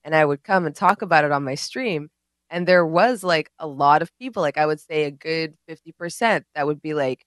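A woman's voice: sits low, a little fast, no echo. A woman co-hosting a podcast in casual chat, telling stories animatedly and mimicking the people in them. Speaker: podcast co-host.

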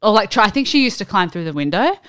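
A woman's voice: medium pitch, big pitch swings, fast, fairly bright tone, clean tone, dry recording, clean studio sound. A woman in her thirties co-hosting a casual podcast chat and telling stories with lots of "like" fillers. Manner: chatty storyteller, frequent "like" fillers. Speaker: podcast co-host.

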